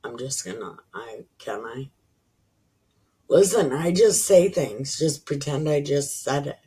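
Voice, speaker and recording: A woman hosting a Bible reading channel, reading scripture aloud slowly and breaking in with profane, sarcastic asides. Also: a bass voice, lively intonation, warm tone, breathy edge.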